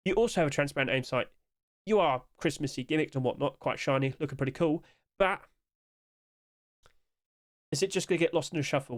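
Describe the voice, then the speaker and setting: Young male commentator, a little high-pitched, tired, chatty, full of rhetorical asides. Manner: chatty, rhetorical questions, talks to items on screen. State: tired, yawning. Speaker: game skin market commentator. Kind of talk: casual screen-share commentary.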